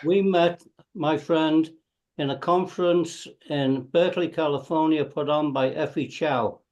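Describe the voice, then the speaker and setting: Scouse man, slightly high voice, chummy toasting guest on a call. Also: steady tone, unhurried, darkish tone, highs cut off. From England. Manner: chummy, toasting, loose phrasing.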